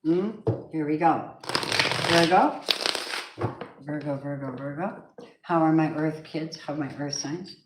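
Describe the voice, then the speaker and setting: Low-voiced woman reading tarot, emphatic. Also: unhurried, pauses often, heavy background noise. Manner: emphatic, preachy, talks straight to the viewer. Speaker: tarot reader. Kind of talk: casual spiritual tarot reading. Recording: echoey room.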